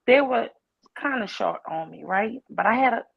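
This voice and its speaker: With a fairly high, slightly rough voice and some vocal fry, a New Orleans woman recounts a personal story at normal speed in a group call. She's animated, calls the group "y'all" and acts out the voices, and the online call device makes the audio dull and lo-fi.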